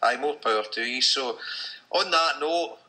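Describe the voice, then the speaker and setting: A Scottish man hosting a casual podcast chat, enthusiastic and quick to agree. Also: medium pitch, sharp tone, poor audio. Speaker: podcast host.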